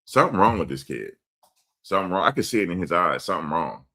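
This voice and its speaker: A man's voice: low voice, big pitch swings, quick pace, sharp tone. A man hosting a casual commentary show, blunt and emphatic, repeating his points. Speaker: host.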